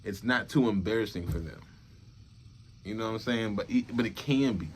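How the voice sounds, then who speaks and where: A young man talking to his viewers in a loose, repetitive monologue, murmuring low and then bursting out loud to make a point. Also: moderate pace, slight background noise. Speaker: vlogger. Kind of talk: casual rambling monologue.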